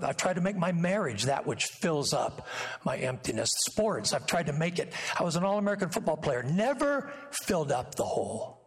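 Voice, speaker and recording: An older man preaching a sermon, moving between impassioned acted-out scenes and quiet, intimate storytelling. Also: a little high, husky. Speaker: guest pastor. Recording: church sanctuary sermon audio.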